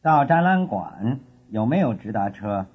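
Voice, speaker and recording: Male actor as a young student asking directions, slightly husky, slow careful drill lines, lo-fi tape. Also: fairly low pitch, big pitch swings, full character voice. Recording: dull lo-fi course tape.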